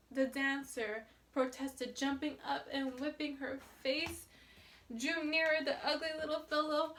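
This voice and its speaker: A woman reading a novel aloud in a measured, plain storytelling manner. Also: sits high, fairly even intonation, a bit bright, recorded from a distance. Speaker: reader.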